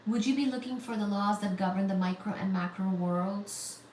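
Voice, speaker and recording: On her physics channel's casual livestream, a woman from India reads out viewer comments and replies playfully. Her mid-range voice is a little mellow and moderately paced, though the audio is poor, roomy and carries slight background noise.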